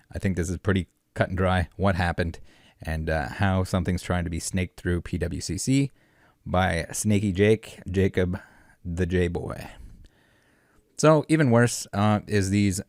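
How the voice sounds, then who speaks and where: Deep-voiced guy rambling through a vlog rant, lots of uhs, kinda sarcastic, dry close sound. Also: unhurried, a little mellow, no room sound. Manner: rambling and sarcastic, many filler words. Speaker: collectibles channel host. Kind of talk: casual commentary vlog.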